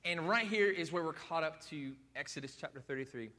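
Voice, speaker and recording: A man preaching a sermon in a lively, folksy way, acting out the people in the story. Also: on the high side, brisk. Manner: animated, acts out quotes of people, folksy. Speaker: pastor. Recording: reverberant hall.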